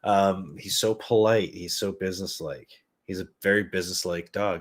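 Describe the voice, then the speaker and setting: A man's voice: low voice, fairly even intonation, normal speed, few pauses. A man hosting a podcast, telling a rambling, self-mocking, profane story in a casual comedic way. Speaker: podcast host.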